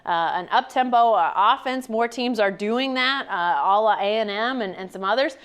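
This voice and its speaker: A woman's voice: a little high, moderate pace, a bit bright, smooth. A woman co-hosting a casual sports talk show, reading listener questions and answering in a conversational way.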